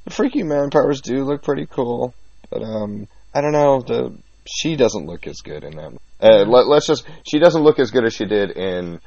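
A man's voice: mid-range voice, normal speed, vocal fry, no room sound. A man co-hosting a podcast in casual chat, teasing his friends and hamming it up. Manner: animated, teasing, mock-dramatic. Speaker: podcast co-host. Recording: dull lo-fi, dry sound.

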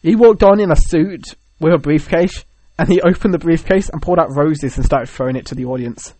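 Upbeat young-sounding man recapping excitedly. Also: fairly high pitch, a little fast, dry recording, low-quality recording. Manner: animated retelling, many fillers. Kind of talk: casual chat.

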